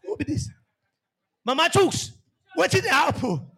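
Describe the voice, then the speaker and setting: A man's voice: very high-pitched, sing-song, a little slow, creaky, bright, forceful tone, pitched above the performer's own voice, exaggerated voice. A man with a Nigerian Pidgin accent, acting out a puzzled husband surprised by a sweet voice from his wife. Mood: bewildered.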